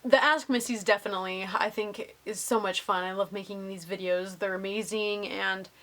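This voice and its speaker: A woman's voice: medium pitch, steady tone, normal speed, a bit bright. A young woman casually answering viewer questions in a vlog, bubbly and gushing with lots of ums.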